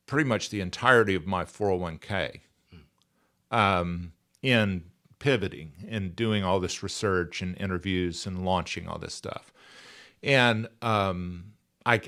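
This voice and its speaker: Earnest man in his sixties, low voice. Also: bright, forceful tone. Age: 60s. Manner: earnest, emphatic, repeats key phrases. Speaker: podcast guest. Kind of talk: conversational interview.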